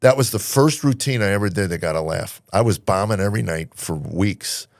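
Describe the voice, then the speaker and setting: Man, host, low-pitched, casual chat, easygoing, dry recording. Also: a little fast, creaky, dry recording. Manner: easygoing storyteller, laughs while talking. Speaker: podcast host.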